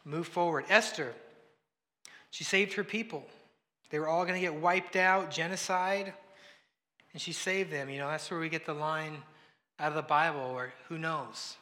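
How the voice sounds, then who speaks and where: A man delivers a sermon in a bright, forceful voice pitched a little high. He talks it through casually and acts out quoted speakers, swinging between loud and hushed. A long reverb rings around him in a large hall. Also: moderate pace, long pauses. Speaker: pastor.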